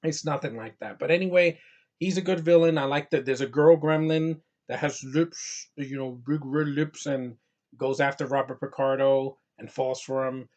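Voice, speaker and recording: A man's voice: medium pitch, fairly even intonation, normal speed, darkish tone. Guy from new york rambling through a movie review, lots of uh and you know. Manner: rambling, with lots of fillers and restarts. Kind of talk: casual movie review monologue.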